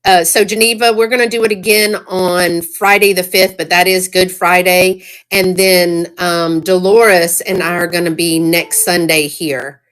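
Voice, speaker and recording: A woman hosting a casual live-stream sale, chatty and excitable, greeting viewers by name. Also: fairly low pitch, measured pace, hardly any pauses.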